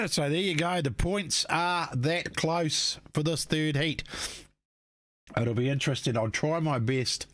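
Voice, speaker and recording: A man's voice: a little high, slow pace, fairly bright tone, no echo. A man hosting live stockcar race commentary, laid-back and matey, chatting to drivers and viewers. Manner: laid-back, matey, peppers talk with "mate" and "eh". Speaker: race commentator and stream host.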